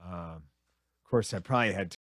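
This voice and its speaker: Middle aged guy rambling crude jokes on his radio show, lowish voice, dry close sound. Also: normal speed, fairly bright tone, dry recording. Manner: rambling, crude, self-mocking. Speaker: radio host. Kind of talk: casual comedic monologue.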